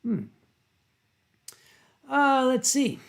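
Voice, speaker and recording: Man, from Pennsylvania, livestream host, casual chat, theatrical drawn-out emphasis, webcam mic. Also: very high-pitched, creaky, a bit bright. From Pennsylvania, USA. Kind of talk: casual livestream chat, reading viewer comments.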